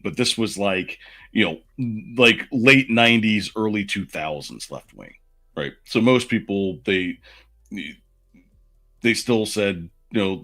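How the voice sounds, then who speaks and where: A man's voice: fairly low pitch, fairly bright tone. A man in his forties, a podcast co-host, telling a long personal story in casual, rambling fashion. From Southern United States.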